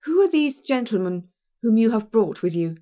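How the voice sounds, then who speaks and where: A woman's voice: fairly high pitch, big pitch swings, moderate pace, mellow. Woman putting on a frantic, terrified company man. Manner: strained, forced courtesy over panic. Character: terrified middle-aged male company manager.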